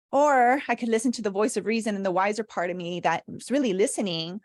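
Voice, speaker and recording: A woman in her thirties, from Cuba, telling a personal story in a lively talk and acting out bits of the dialogue. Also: mid-range voice, no echo. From Cuban. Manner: animated storyteller, laughs often, acts out dialogue. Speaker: speaker and leadership consultant.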